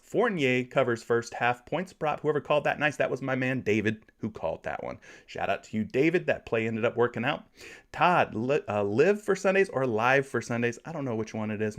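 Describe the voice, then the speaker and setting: A man hosting a sports betting live stream, reading out viewer comments in a relaxed, chatty way and often repeating his phrases. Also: mid-range voice.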